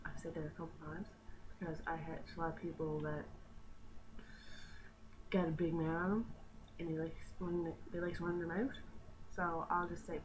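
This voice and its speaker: Teen girl, Newfoundland accent, chatty and rambling, slightly low voice, noisy home recording. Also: little pitch movement, normal speed, long pauses. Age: teens. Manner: chatty, rambling, swears casually. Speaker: vlogger. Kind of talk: casual talk to camera.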